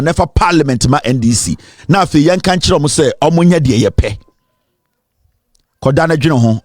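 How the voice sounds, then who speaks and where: A man's voice: on the high side, dry recording, clean studio sound. A man with a Ghanaian accent hosting a call-in talk show, switching between English and Twi as he urges voters. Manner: emphatic campaigning, mixing English and Twi. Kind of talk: political call-in commentary.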